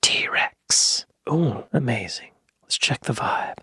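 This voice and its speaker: A man hosting a reaction video. He talks in a playful, joking way and often drops into soft whispered asides. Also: mid-range voice, lively intonation, measured pace. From United States. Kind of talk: casual reaction commentary.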